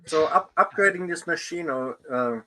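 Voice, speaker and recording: A man's voice: on the high side, expressive, moderate pace, sharp tone. A man on a technical call who asks careful questions about build machines. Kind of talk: technical discussion.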